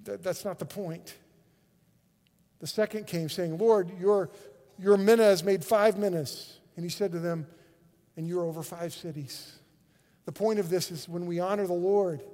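A male pastor, preaching a sermon with animated energy and frequent word repetitions. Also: sits high, a little slow, long pauses, big-room sound. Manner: animated, repeats words when excited.

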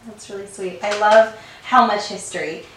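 Woman podcast host, mid pitch, echoey room, mic at a distance. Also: fairly even intonation, normal speed, fairly bright tone. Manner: encouraging, brief affirmations. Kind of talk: casual conversational interview. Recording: roomy and distant, faint noise.

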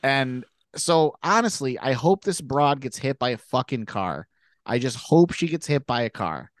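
Animated Canadian man retelling a story. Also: mid-range voice, measured pace, no room sound, studio quality. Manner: animated storyteller, acts out quotes, swears freely. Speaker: podcast co-host. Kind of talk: casual chat, retelling a reality show.

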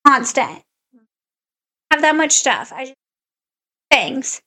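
A woman's voice: high voice, sing-song, slow, pushed and bright. A woman podcast co-host in casual chat, animatedly telling a story and acting out her own quotes.

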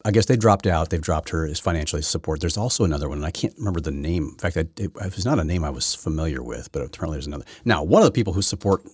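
A man's voice: extremely low pitch, expressive, racing, few pauses, a little mellow, slightly rough, no room sound, clean studio sound. A man hosting his own political talk show, delivering an opinionated, rambling monologue full of restarts. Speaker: podcast host.

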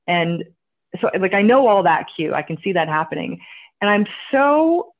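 A woman guest telling a story in casual chat, animated, acting out what people said and swearing casually. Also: on the low side, a little fast. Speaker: guest entrepreneur. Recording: tinny phone-like line.

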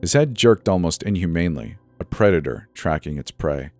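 A man's voice: low-pitched, sing-song, normal speed, gravelly, a little mellow. A man narrating a first-person horror story in a tense, storytelling delivery. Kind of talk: scripted narration. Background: faint background music.

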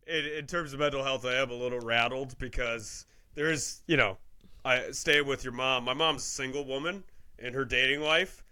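A young man co-hosting a casual comedy podcast, laughing often and jumping into high quoted voices. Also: moderate pace, bright, forceful tone.

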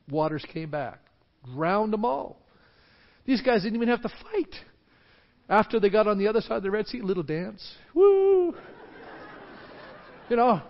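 A man preaching from the pulpit, his high voice swinging up and down as he acts out panicked crowds. The sound is a little dull and muffled. A long reverb trails after his words, as in a large church hall. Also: creaky. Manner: animated, acts out shouting crowds. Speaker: pastor. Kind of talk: sermon.

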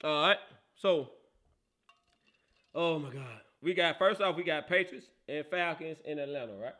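A man's voice: on the high side, unhurried, a little hiss or hum. A man hosting a casual sports talk show, laughing often and teasing. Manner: laughs a lot, animated and teasing.

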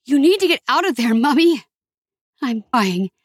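A woman voicing a hoarse, panicked older mother. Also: fairly high pitch, animated, slow, no room sound, studio quality, pitched above the performer's own voice, exaggerated voice. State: hoarse, coughing, out of breath. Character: frightened older mother trapped by wildfire.

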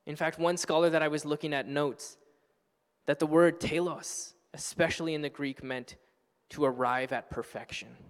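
A man preaching a sermon as pastor, earnest and passionate, building to loud exclamations. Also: medium pitch, in a large hall. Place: church sanctuary.

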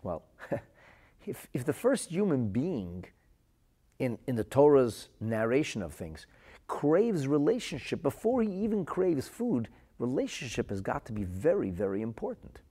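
A man's voice: mid-range voice, huge pitch swings, a little slow, warm tone, husky. A man giving a spoken religious lesson, telling stories earnestly and often repeating his words. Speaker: Torah teacher.

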